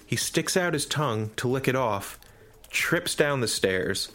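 A man co-hosting a podcast, telling a story in casual chat with lively enthusiasm. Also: medium pitch, a little slow. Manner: animated storyteller. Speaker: podcast co-host.

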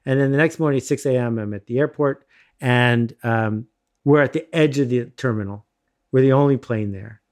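A middle-aged man casually telling a self-mocking anecdote in lively bursts. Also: mid-range voice, moderate pace. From United States. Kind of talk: casual storytelling.

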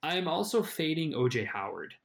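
A man's voice: a little high, sing-song, brisk, creaky. A man co-hosting a fantasy football show, in casual sports chat, chatty and often restarting his phrases. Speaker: fantasy football podcast co-host.

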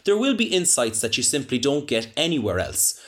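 A man with an Irish accent co-hosting a comic sports podcast, rambling in a mock-serious, deadpan way. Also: medium pitch, fairly quick. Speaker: podcast co-host.

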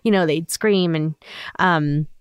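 Woman, 30s, podcast co-host, lowish pitch, animated casual storyteller, dry studio sound. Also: takes it slowly, clear, resonant tone, no room sound, highs cut off. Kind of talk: casual chat.

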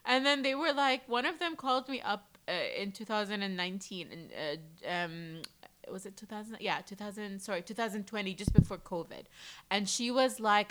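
Blunt, bright-voiced woman in her forties. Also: mid-range voice, a little fast. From United Arab Emirates. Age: 40s. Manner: blunt, profane, animated storytelling. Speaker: podcast co-host. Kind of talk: casual podcast chat.

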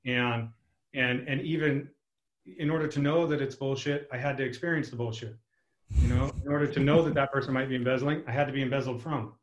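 A man's voice: medium pitch, steady tone, fairly quick, lo-fi sound. A man appearing as a podcast guest over a remote call, reflecting earnestly on lessons learned from setbacks. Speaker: podcast guest, business operations expert. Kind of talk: podcast interview.

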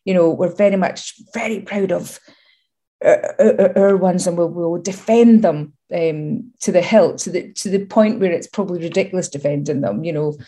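This Scottish interview guest, a middle-aged woman, has a fairly low voice and talks at a normal pace. Candid and lively, she shares stories with both humour and evident pride.

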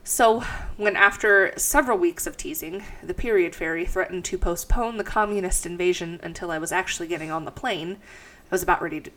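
A woman's voice: lowish voice, a little fast, fairly bright tone. A young woman with a stuffy nose co-hosting a casual podcast, swearing freely and laughing as she reads aloud. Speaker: podcast co-host. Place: house.

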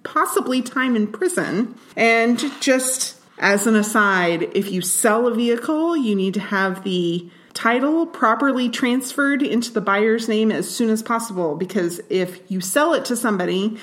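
A woman's voice: on the high side, unhurried, hardly any pauses, fairly bright tone. A woman co-hosting a podcast, chatting casually as she shares research findings and laughs as she explains them. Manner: laughs while explaining facts. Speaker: podcast co-host. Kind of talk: casual chat sharing research.

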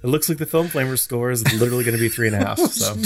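A man's voice: mid-range voice, very fast, a little hiss or hum. A man co-hosting a podcast in casual banter, joking, laughing often and trying silly voices. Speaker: podcast co-host.

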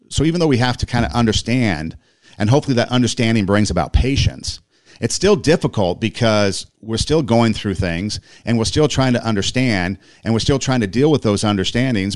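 A man's voice: on the low side, dry recording. A man co-hosting a talk show, speaking earnestly and thoughtfully with a touch of dry humor. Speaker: co-host. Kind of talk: casual reflective chat.

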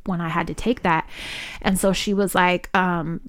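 A woman's voice: on the low side, normal speed. A woman co-hosting a podcast, casually retelling a scary story with lots of swearing. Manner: swears freely, animated retelling. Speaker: podcast co-host.

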